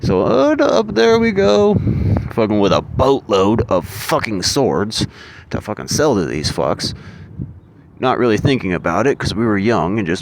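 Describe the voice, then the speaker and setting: A man's voice: lowish voice, animated, moderate pace, gravelly, noisy background. A man in a rambling, profane, ranting monologue.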